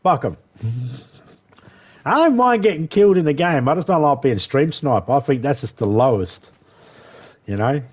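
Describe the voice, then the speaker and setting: Aussie bloke streaming games on a headset, swears a lot, laughs a lot, rambles on. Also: male voice, medium pitch, expressive, unhurried, pauses often, breathy edge. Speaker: live streamer. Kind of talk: casual gaming chat.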